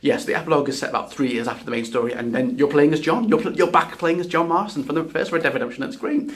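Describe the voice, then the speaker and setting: Rambling, excited man reviewing a game. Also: a little high, fast talker. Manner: rambling and enthusiastic, with frequent restarts and swearing. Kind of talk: casual spoken game review.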